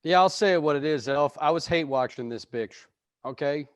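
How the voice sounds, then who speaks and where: Male podcast co-host, high voice, blunt opinionated sports talk. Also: normal speed, no echo, highs cut off. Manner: opinionated, emphatic ranting. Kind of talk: casual sports chat.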